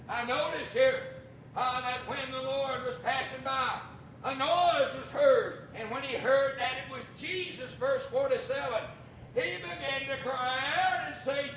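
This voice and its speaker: High-voiced fervent preacher. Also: male voice. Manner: fervent, building to shouted preaching. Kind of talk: sermon. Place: church. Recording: echoey distant room mic with noise.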